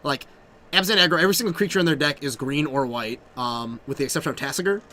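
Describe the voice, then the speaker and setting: A man co-hosting a casual card game stream, rambling and excitable with lots of fillers. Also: on the high side, quick pace, a little hiss or hum. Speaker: stream co-host. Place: game store.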